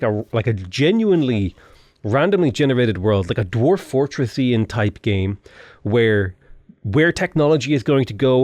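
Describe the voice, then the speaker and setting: A young Irish man giving playful, excitable commentary over a strategy game, full of jokey asides. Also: mid-range voice, dry recording. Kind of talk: casual gameplay commentary.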